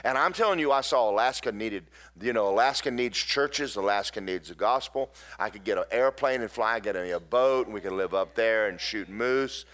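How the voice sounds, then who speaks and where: A man's voice: fairly low pitch, normal speed, hardly any pauses, fairly bright tone. A middle-aged man, a pastor preaching a sermon in folksy storytelling with emphatic bursts.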